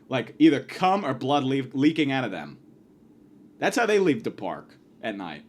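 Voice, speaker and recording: Profane rambling man telling a story. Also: medium pitch. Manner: rambling, profane, self-mocking, acts out shouted quotes. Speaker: podcast host. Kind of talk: casual comedic storytelling monologue.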